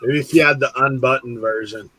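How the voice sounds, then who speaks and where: A man's voice: mid-range voice, fairly even intonation, fairly quick, pushed and bright, breathy edge, rough recording. A man in a casual group chat, teasing his friends and laughing often.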